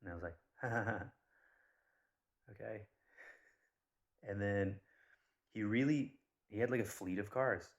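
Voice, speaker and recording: Deep-voiced blunt man rambling. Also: normal speed, pauses often. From Persian background. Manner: blunt, swears, animated retellings. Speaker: vlogger. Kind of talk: casual rambling monologue.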